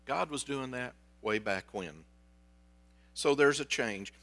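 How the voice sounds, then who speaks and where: Slow and fairly bright, a mid-range male voice with lively intonation delivers a sermon. The pastor tells stories in a conversational style and poses questions to those listening.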